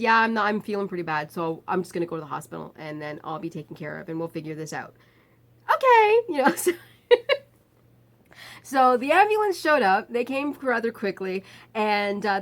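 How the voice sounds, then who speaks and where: Woman, casual vlogger, chatty storyteller, mid-range voice, quick laughs, lots of fillers. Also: mid-range voice. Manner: chatty, laughs often, many fillers and restarts.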